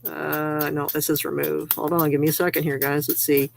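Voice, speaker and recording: Chatty woman streaming, low-pitched. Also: level tone, moderate pace, vocal fry, faint music behind. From Canada. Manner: chatty, reads viewer chat aloud, laughs easily. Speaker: livestream host. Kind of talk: casual livestream chat.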